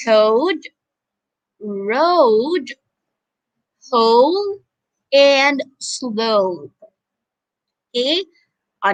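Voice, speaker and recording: A woman with a Filipino accent from the Philippines teaches an online phonics lesson, drawing each word out and repeating it so learners can echo her. Her voice is on the high side and a bit bright.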